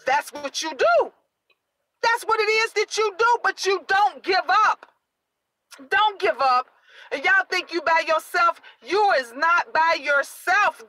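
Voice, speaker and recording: A middle-aged woman live-streaming to her viewers, excited and preachy, urging them to keep praying. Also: very high voice, poor audio. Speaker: vlogger.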